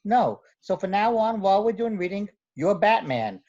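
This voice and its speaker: This is a male teacher recounting a classroom moment with lively storytelling. His voice sits a bit high, and the audio sounds muffled and lo-fi. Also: normal speed. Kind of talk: casual panel discussion. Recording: dull lo-fi audio.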